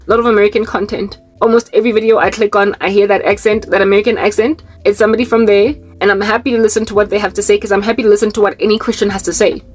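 A woman from Africa, delivering a fervent Christian vlog monologue full of rhetorical questions and rambling asides. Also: mid-range voice. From South Africa. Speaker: Christian YouTuber.

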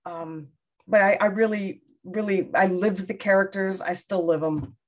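A woman's voice: medium pitch, steady tone, normal speed. A middle-aged woman novelist in a casual interview, talking in a rambling, self-deprecating way with many restarts. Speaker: debut novelist being interviewed.

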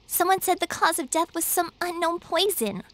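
A woman's voice: extremely high pitch, expressive, moderate pace, a bit bright, slight background noise. A woman voicing a blunt, caring teenage schoolgirl in a video game, anxious and direct. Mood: chatty.

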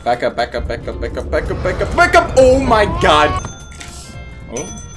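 A man giving casual gaming commentary, swearing a lot and swinging from low muttering to panicked yelling. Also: wildly swooping pitch, normal speed, over music. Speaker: gamer streaming a co-op horror game.

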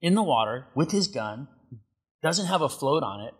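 Husky-voiced man telling a wild story. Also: on the high side, moderate pace. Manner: animated storyteller, acts out quotes, many filler likes. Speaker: guest, surfer. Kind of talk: casual storytelling.

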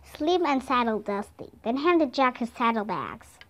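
A woman whose first language is Vietnamese narrating a children's storybook. She reads slowly and clearly, with a lively, sing-song pitch. Her voice sits a little high. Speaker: storybook reader.

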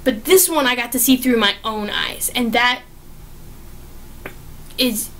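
Young woman gushing about a movie she loved, high voice, lots of restarts, super casual. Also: a little slow. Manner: gushing and excitable, with many restarts. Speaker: movie reviewer. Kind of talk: casual spoken movie review.

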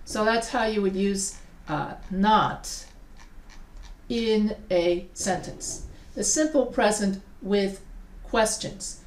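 Slow, deliberate woman teaching grammar. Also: mid-range voice. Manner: reads word pairs aloud slowly and deliberately, with asides. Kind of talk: recorded classroom-style lesson. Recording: echoey room, mic set far off.

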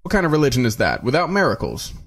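A man's voice: medium pitch, wildly swooping pitch, quick pace, husky, full character voice. A man voicing a proud, indignant Christian priest who snaps and sputters in an audiobook reading. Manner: snapping, sputtering, raised voice.

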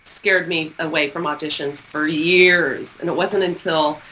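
A middle-aged woman from Texas, telling a story as an interview guest, lively and expressive and laughing often. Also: low voice, a little slow, rough recording. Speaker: guest author.

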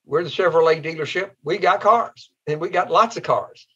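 A man voicing an eager middle-aged car salesman, with a raised, upbeat sales-pitch delivery in a retold story. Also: normal speed, pushed and bright, husky, muffled recording.

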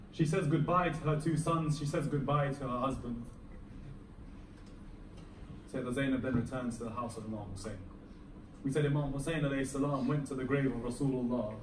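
In a mosque hall, a man with a medium-pitched, slightly mellow voice gives an emotional Muharram sermon, telling the story with dramatic rises and falls in intensity. He's recorded from far off in the echoey hall, with faint ambience and a little hiss or hum.

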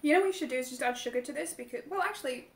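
Chatty woman with a fairly high voice, munching soup and chatting on a live stream, roomy echo. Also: expressive, very fast. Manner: chatty, giggly, talks with her mouth full. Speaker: mukbang co-host. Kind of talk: casual chat while eating on a livestream.

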